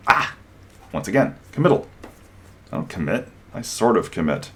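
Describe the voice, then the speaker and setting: Low-voiced guy ranting sarcastically, pitch all over the place, lots of mocking bits. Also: a little fast, long pauses, slight background noise. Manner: animated, sarcastic, mocking impressions. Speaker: commentator. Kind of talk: opinionated commentary monologue.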